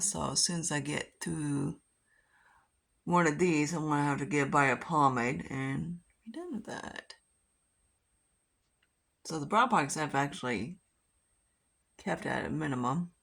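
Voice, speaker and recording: A woman's voice: low-pitched, a little slow, vocal fry, long pauses. A woman chatting casually while doing her makeup, rambling and swearing freely. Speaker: beauty vlogger. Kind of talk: casual get-ready-with-me chat.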